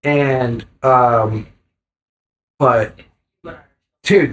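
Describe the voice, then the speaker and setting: A man's voice: mid-range voice, steady tone, drawn-out words, long pauses, a bit bright, low-quality recording. A man chatting casually as a podcast guest, tipsy from drinking, rambling and emphatic, swearing freely. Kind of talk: casual chat.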